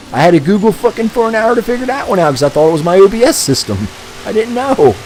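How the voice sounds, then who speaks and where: A man's voice: mid-range voice, darkish tone, slight background noise, rough recording. A man live-streaming a racing game, rambling and ranting crudely to his chat with frequent swearing and chuckles. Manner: profane, ranting, chuckling often.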